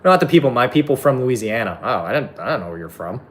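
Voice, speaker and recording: A young man chatting casually on a live stream, reading out viewer comments and rambling excitably between topics with lots of swearing. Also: medium pitch, fast.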